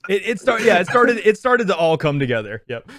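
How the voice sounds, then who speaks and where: A man's voice: sits high, big pitch swings, fairly quick, a bit bright. A man co-hosting a movie podcast, chatting casually, laughing easily and often repeating himself. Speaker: podcast co-host. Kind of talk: casual movie review chat.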